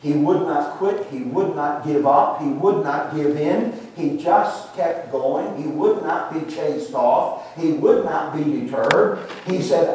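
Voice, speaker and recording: Older guy preaching slow and emphatic, sounds far off in a big echoey room. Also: fairly high pitch, a little mellow. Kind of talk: sermon. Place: church sanctuary. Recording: echoey room, distant mic, faint noise.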